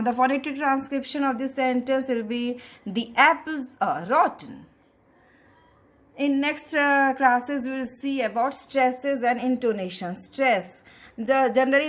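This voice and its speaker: Slow Indian woman teaching English sounds. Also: on the high side. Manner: slow and deliberate, repeats words, switches into Hindi. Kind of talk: classroom lesson.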